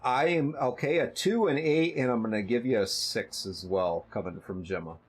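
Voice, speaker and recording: A man acting as game master for a tabletop role-playing game narrates scenes haltingly and conversationally, often restarting. His voice is mid-range and slightly rough.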